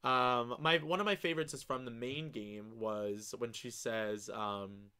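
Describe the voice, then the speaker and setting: A young man hosting a live stream, chatting casually and reading viewer comments aloud with excitable, gushing enthusiasm and the odd swear. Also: medium pitch, a little slow, smooth.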